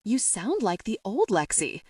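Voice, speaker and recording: A woman's voice: medium pitch, huge pitch swings, measured pace, darkish tone, husky, dry recording, distant mic, exaggerated voice. A woman voicing a hesitant, apologetic young female coworker in a storybook. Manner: hesitant and awkward.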